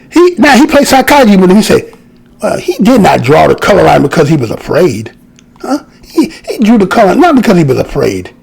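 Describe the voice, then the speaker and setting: A man talks through history in a relaxed, conversational way, with a lively voice that swings up and down. He keeps turning to his listeners with quick rhetorical check-ins. His tone is high and carries a gravelly edge. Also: poor audio. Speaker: commentator. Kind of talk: casual history commentary.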